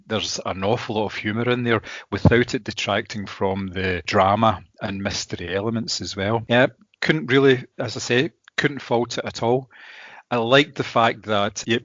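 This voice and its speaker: A man co-hosting a podcast, talking through a film review in a measured, wordy way. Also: fairly low pitch, fairly bright tone, no room sound. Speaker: podcast co-host. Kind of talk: casual film review chat. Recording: dull lo-fi sound, dry.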